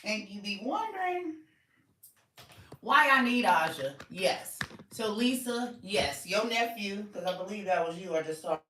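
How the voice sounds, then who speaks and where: A woman's voice: medium pitch, lively intonation, normal speed, fairly bright tone, slight background noise. A woman in her forties hosting a casual live podcast, out of breath, chatting loosely. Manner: loose, chatty, swears and laughs easily. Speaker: podcast host. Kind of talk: casual live-stream chat.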